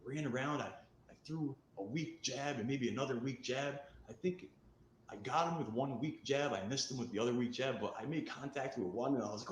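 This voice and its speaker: A man's voice: mid-range voice, fast. A man telling a personal story in a candid, rambling, self-mocking way. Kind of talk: recorded storytelling video. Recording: echoey room with faint noise.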